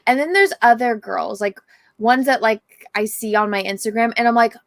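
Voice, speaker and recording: A woman's voice: on the high side, animated, normal speed, dry recording. A woman guest on a casual podcast, talking eagerly and at length like an enthusiastic fan. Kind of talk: casual chat.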